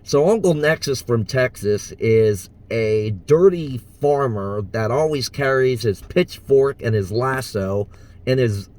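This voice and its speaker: A man's voice: mid-range voice, slow, a little mellow. A man from the US South talking casually in a vlog as an impressionist, hesitant and full of fillers. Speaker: impressionist vlogger.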